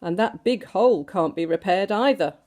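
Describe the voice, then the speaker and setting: A woman voicing a fussy middle-aged male holidaymaker who plays ship's captain, with a loud, drawn-out, bossy manner. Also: medium pitch, animated, natural voice. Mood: resigned.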